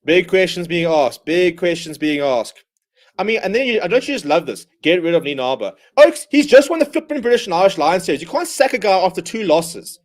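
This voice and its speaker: A man hosting a live rugby watchalong, calling the play in quick bursts and ranting in exasperation at his own side. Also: high-pitched, very animated. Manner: exasperated, ranting fan commentary. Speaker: watchalong host. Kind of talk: live match watchalong commentary.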